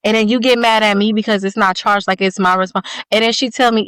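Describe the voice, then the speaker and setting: A woman's voice: mid-range voice, steady tone, a bit bright, clean tone, no room sound. Woman co-host, casual chat, blunt and profane, dry close sound. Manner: blunt, profane, talks fast in long stories. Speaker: podcast co-host.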